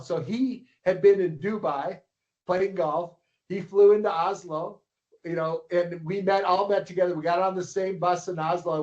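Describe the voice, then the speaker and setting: Slightly muffled, lo-fi podcast audio captures a man in his sixties whose voice runs a touch high and darkish in tone. A guest on the show, he has coached ski racing for many years and works as a publisher. He tells meandering anecdotes, repeating words and voicing the lines of people he quotes.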